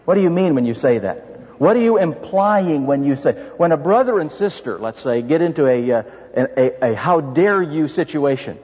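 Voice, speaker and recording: A man's voice: on the high side, very animated, moderate pace, darkish tone, slightly rough. A man preaching an expository sermon as pastor, earnest and full of rhetorical questions. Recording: dull reverberant hall sound.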